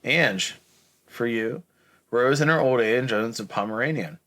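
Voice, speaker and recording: A man's voice: mid-range voice, unhurried, a bit bright. A man co-hosting a podcast, reading out movie trivia in a casual, chatty way. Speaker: podcast co-host.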